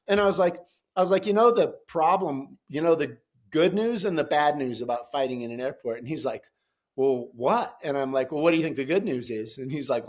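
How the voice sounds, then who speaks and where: A middle-aged man telling a story in a casual, animated way, swearing and acting out the quotes loudly. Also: a little high, normal speed. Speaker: podcast guest, gym founder.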